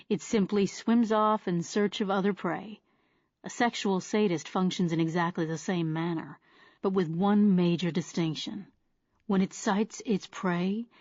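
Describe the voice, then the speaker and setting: A woman voicing an older male FBI profiler with a soft Southern drawl, speaking frankly and in a measured, lecturing way, in a dull, dry recording. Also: sits high, no room sound. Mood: coldly clinical.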